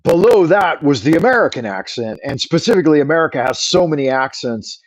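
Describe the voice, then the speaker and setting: A man's voice: on the high side, big pitch swings, a little fast, poor audio. A middle-aged man with a Californian accent, rambling and swearing in an opinionated livestream chat. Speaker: livestream host.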